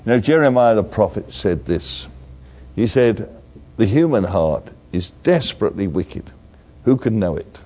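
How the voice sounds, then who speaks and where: An older man preaching a sermon slowly and earnestly, repeating his key phrases. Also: lowish voice, big pitch swings, a little mellow. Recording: dull lo-fi recording.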